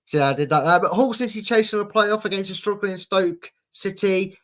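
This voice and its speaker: A man's voice: high voice, fairly quick, a bit bright. A man hosting a casual football prediction show, chatty and teasing as he reads out viewer predictions. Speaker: host.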